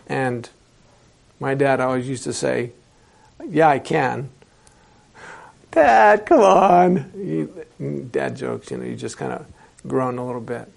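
Male translation instructor, classroom lecture, rough gravelly tone, rhetorical questions to the room. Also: mid-range voice, a little mellow.

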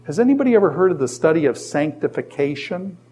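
A middle-aged man with a slightly high voice talks fast while teaching a lively Bible class in a classroom. He poses questions to the class and answers them himself, telling stories animatedly with jokes and asides.

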